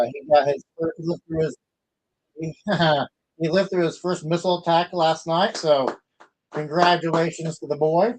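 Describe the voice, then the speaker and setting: A man's voice: on the high side, darkish tone, low-quality recording. A middle-aged man from the American Midwest hosting a casual livestream, chatting in a rambling way with many fillers and restarts. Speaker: livestream host.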